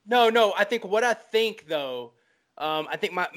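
Enthusiastic male co-host, rambling, bright and tense-edged, fairly high. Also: lively intonation, unhurried. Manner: rambling, filler-heavy, enthusiastic. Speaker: podcast co-host. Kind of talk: casual film podcast chat.

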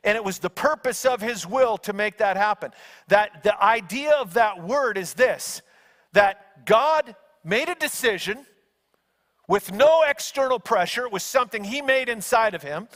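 A man with a high voice preaches a sermon at an unhurried pace, telling stories dramatically and raising his voice at key moments. His storytelling is animated, with shouts as he acts out angels, and long hall reverb fills the recording.

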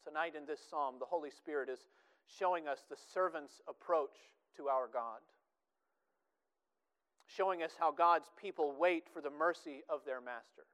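A man's voice: on the high side, normal speed, a bit bright, clear, resonant tone, poor audio. A man preaching a sermon in an earnest way, often repeating words for emphasis.

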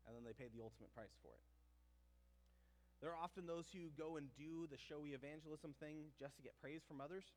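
Higher-voiced man preaching in a reverberant hall. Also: a little fast. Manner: conversational, with asides and acted-out quotes. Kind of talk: sermon.

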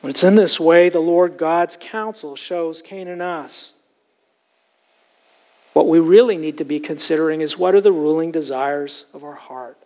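High-voiced man preaching earnestly. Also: unhurried, darkish tone, rough recording. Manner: earnest, emphatic preaching with repeated direct address. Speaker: pastor. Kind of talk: sermon.

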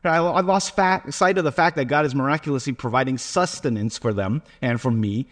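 A man's voice: medium pitch, fairly quick, fairly bright tone. Guy giving a chatty sermon, lots of uhs, jokes at his own expense, big echoey church. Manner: conversational, self-deprecating, many fillers. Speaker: preacher. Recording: reverberant hall.

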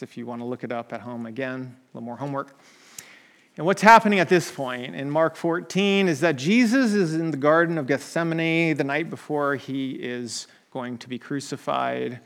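A man's voice: a little high, normal speed, fairly bright tone, in a large hall. A man preaching a conversational sermon, often checking in with "right?" and restarting his sentences.

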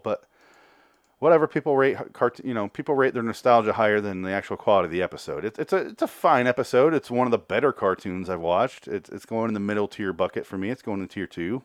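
A man's voice: lowish voice, no room sound, studio quality. A man hosting a podcast, giving a rambling, sarcastic and profane review of a cartoon episode in casual chat.

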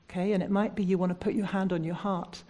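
Preaching a sermon, a woman from the United Kingdom poses earnest, searching questions to her congregation, then grows soft and prayerful as she leads prayer. Her medium-pitched voice moves little in pitch and runs at a quick pace.

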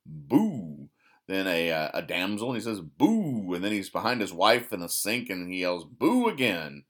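A man with a lowish voice talks through newspaper comics in a dry, deadpan way. He rambles and trips over his words, fixing himself mid-sentence. His explanations of each gag come out flat and sarcastic. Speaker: podcast host. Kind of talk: deadpan comic-strip recap.

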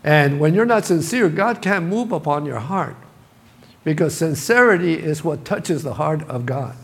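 A man's voice: on the high side, animated, normal speed, vocal fry, a bit bright. A middle-aged man, the senior pastor, preaching a sermon in a church, building to bursts of emphasis with touches of humor. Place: church sanctuary.

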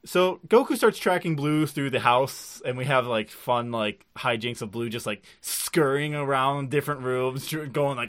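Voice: mid-range voice, normal speed, hardly any pauses. A podcast co-host recapping episodes in casual chat, rambling with lots of filler words and frequent laughs.

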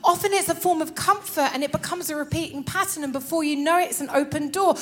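A woman preaching a sermon in a lively way, often laughing and acting out little scenes. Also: sits high, fast, few pauses.

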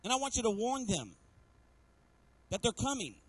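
High-voiced man preaching a sermon. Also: very animated, moderate pace, husky, poor audio. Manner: preaching with call-and-response asks to the congregation; acts out quoted voices within the sermon. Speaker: pastor. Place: church sanctuary.

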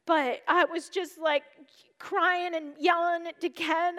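A woman giving an earnest devotional teaching, reading scripture aloud and explaining it, shifting between urgent emphasis and hushed tones. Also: extremely high pitch, little pitch movement, slow pace. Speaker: speaker at a church gathering. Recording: reverberant hall.

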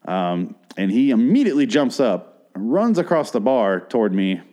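A man's voice: medium pitch, sing-song, normal speed, mellow. A man in his thirties hosting a podcast, telling a story in a rambling and profane casual monologue with crude asides. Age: 30s. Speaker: podcast host.

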